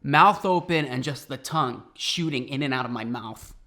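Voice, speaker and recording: A man hosting a cooking video, telling a comic story in an animated, conversational way and laughing often, in a home kitchen. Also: medium pitch, normal speed. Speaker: host.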